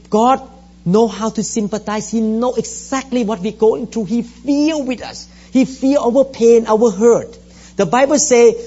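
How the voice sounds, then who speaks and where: Man, middle-aged, pastor; high voice, emphatic repetitive sermon, dull lo-fi recording. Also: a little mellow. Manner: emphatic, repetitive preaching with scripture reading.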